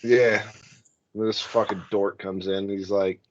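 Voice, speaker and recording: A man's voice: on the low side, flat delivery, takes it slowly, highs cut off. A man co-hosting a podcast, making crude sarcastic jokes and laughing. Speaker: podcast co-host. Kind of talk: casual comedic commentary.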